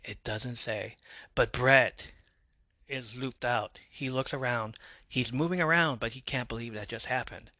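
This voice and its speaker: A man hosting a podcast, telling a match play by play in a slow storytelling way, with fillers and self-corrections. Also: medium pitch, pushed and bright, no room sound. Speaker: podcast host. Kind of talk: play-by-play recap.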